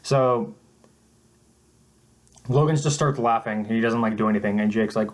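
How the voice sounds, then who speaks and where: A young man telling a mock-serious story in a halting, deadpan way, often restarting his sentences. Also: fairly low pitch. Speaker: vlogger.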